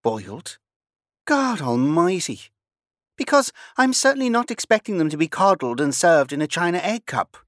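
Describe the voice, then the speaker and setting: Guy doing a prim proud english lady, way higher than his own voice, storybook. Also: lively intonation, normal speed, a bit bright, no room sound, studio quality, lightly acted. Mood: indignant. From England. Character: young English noblewoman, proud, prim and indignant.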